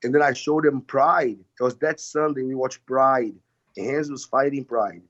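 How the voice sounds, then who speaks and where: A man guesting on a podcast, telling his story as a martial arts coach in a rambling, animated way, with frequent swearing and restarts. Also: medium pitch, normal speed, highs cut off. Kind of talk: casual storytelling.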